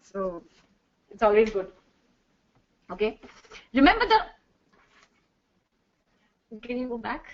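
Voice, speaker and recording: A woman's voice: a little high, big pitch swings, takes it slowly, pauses often. A middle-aged woman giving a chatty workshop talk to a live audience as a corporate trainer, slipping into Hindi and laughing often. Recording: distant, dull, echoey room.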